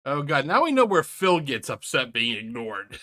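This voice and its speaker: Incredulous man with a lively, bright voice. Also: mid-range voice, normal speed. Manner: incredulous, sarcastic, swears a lot, many restarts. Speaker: reaction video host. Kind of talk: mocking commentary on a clip.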